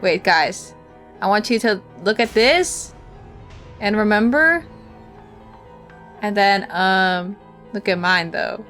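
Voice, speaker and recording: Young woman, streamer, rambling casual chat, giggly, crisp bright tone, faint music behind. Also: medium pitch, animated, slow pace, long pauses. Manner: rambling, giggly, talks while eating.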